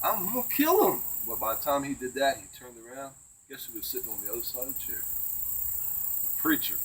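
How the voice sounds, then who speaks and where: An older man with a medium-pitched, slightly bright voice talks at a quick clip, spinning rambling, folksy yarns about the old days and often tossing in "right?". It's a casual outdoor chat, caught on a distant mic with a little hiss or hum and faint crickets behind him.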